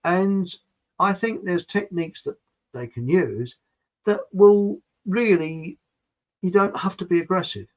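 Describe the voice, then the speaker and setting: A man's voice: high-pitched, a little slow. A man hosting his own channel, giving a blunt, digressive opinion monologue with frequent restarts and some mild swearing. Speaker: channel host. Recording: dull lo-fi recording.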